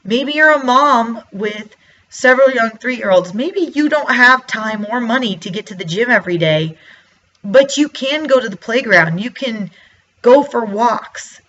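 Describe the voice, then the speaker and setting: A woman talking straight to her viewers in a relaxed, chatty way, her voice bright and forward. She slips into her own past thoughts as she goes. The recording sounds a little dull and lo-fi. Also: a little high, unhurried. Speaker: vlogger. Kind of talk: casual motivational talk to camera.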